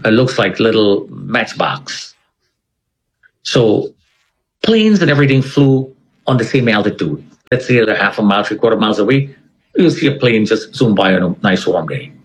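A man's voice: on the low side, poor audio. A man, an interview guest, retelling a personal story in a conversational way and acting out the voices of people he quotes.

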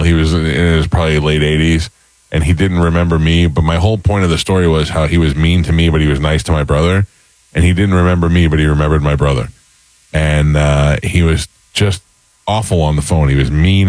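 A man's voice: a bass voice, a little mellow, dry recording. A middle-aged man hosting a morning radio show, telling stories in casual banter.

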